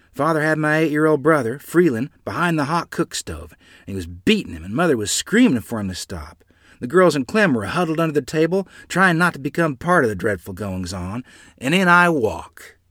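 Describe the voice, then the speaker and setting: A man narrating a memoir in the first person with a dramatic, expressive delivery. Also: medium pitch, no echo, clean studio sound.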